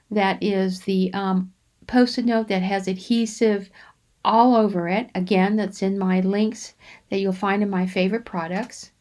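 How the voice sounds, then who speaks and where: Unhurried woman narrating a craft demo. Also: medium pitch, darkish tone. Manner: unhurried, rambling, frequent ums and restarts. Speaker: crafting channel host. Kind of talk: relaxed coloring demonstration voice-over.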